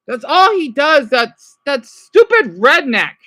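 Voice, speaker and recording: A man's voice: extremely high pitch, sing-song, normal speed, few pauses, pushed and bright. A man ranting on a live stream, agitated, swearing often, stumbling over restarts and answering his chat. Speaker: livestreamer.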